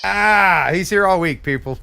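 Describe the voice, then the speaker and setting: A man's voice: sits high, unhurried, creaky, over music. A man from the United States hosting a live stream from home, chatting casually and cracking jokes. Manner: jokey, animated banter. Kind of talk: casual chat.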